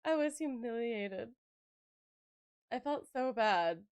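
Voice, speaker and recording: A young adult woman with a slightly high, smooth voice chats casually at a slow pace on a game stream. She tells stories animatedly, laughing and acting out quotes in this relaxed live-stream chat.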